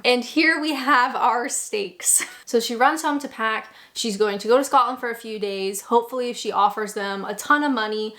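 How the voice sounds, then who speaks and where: A woman's voice: a little high, fairly bright tone. A young Canadian woman recapping a bad movie in casual commentary, with sarcastic asides and laughs. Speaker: movie reaction host.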